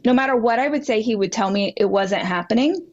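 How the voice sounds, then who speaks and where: A woman guest on a podcast telling a personal story with animated delivery, acting out dialogue with big jumps in pitch. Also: fast talker, lo-fi sound. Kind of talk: candid storytelling in a podcast interview.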